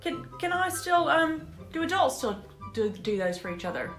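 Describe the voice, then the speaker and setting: A woman's voice: high voice, very animated, moderate pace, faint music behind. A woman from Georgia, chatting casually to camera as a vlogger and asking her viewers playful questions, with the odd curse. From Georgia, USA.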